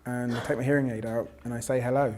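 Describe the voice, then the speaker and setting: Professor, reflective storyteller, mid-pitched, restarts a lot. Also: male voice, level tone, fast, a little mellow, slight background noise. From South London. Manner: reflective, with frequent restarts and quoted voices. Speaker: professor and panel guest. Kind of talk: personal storytelling in conversation.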